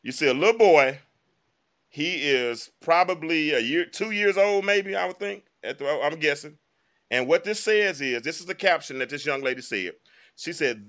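Man, live-stream host, higher voice, bright and forceful, chatty, emphatic, talks to viewers. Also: expressive, normal speed. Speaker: host of a live online talk show. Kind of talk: casual live-stream commentary.

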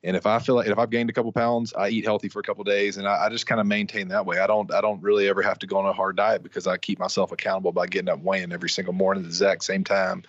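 A man co-hosting a casual sports podcast who gives quick, matter-of-fact advice. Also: sits low, little pitch movement, no echo. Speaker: podcast co-host. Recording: dry, dull lo-fi audio.

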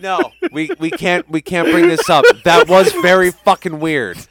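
A man's voice: sits high, big pitch swings, a little slow, crowd noise. A man co-hosting a casual podcast, joking around with crude, playful banter. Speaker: podcast co-host. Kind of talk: casual chat.

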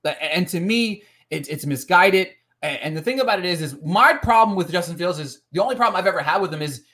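Man ranting heatedly on a sports podcast. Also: fairly high pitch. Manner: heated, repeats words and restarts sentences. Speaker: podcast host. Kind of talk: casual sports podcast rant.

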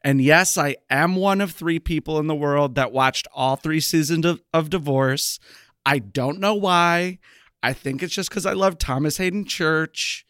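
Young male co-host, a touch high-pitched, animated and self-deprecating, dry close sound. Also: measured pace, clear, resonant tone, dry recording. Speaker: podcast co-host. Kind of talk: casual chat.

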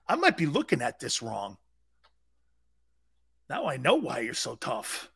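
A man's voice: medium pitch, a little slow, gravelly, breathy edge. A man hosting a sports radio show, ranting in a comic way and acting out angry fans. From United States. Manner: animated, acts out angry fans in bursts. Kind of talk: loud comic sports talk rant.

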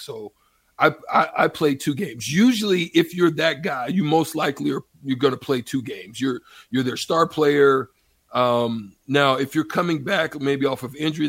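A man co-hosting a sports radio show, a former player telling stories in an animated, laughing way. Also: medium pitch, no echo. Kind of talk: casual sports radio chat.

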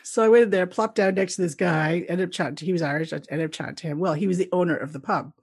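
A middle-aged woman from Canada, a guest telling travel stories in a casual interview, lively and laughing often as she acts out the people she met. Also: fairly low pitch, very fast, breathy edge.

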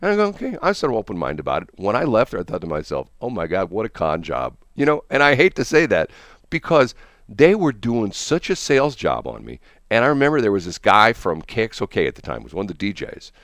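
Deep-voiced older male radio host. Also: wildly swooping pitch, fast, a bit bright, no echo, clean studio sound. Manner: rambling, chuckling, anecdotal. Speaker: radio morning show host. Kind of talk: casual on-air chat. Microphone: studio broadcast mic.

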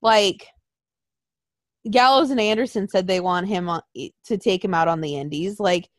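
A woman's voice: mid-range voice, normal speed, no room sound. A woman co-hosting a casual wrestling chat, profane and mocking, talking close to a dry mic.

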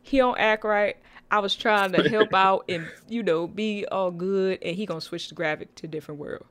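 A woman's voice: mid-range voice, fairly even intonation, a little fast, fairly bright tone. A woman hosts a casual live-streamed podcast, chatty and playful. She teases her co-host good-naturedly and talks straight to her listeners, with an easy, conversational flow.

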